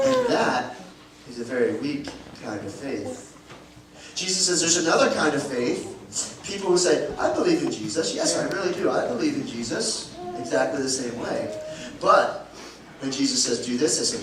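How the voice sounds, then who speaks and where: A male pastor speaks in an expressive mid-range voice at normal speed, leading a playful children's sermon in the church sanctuary. He asks the kids questions as he shows props, and the distant recording is very echoey, with room noise.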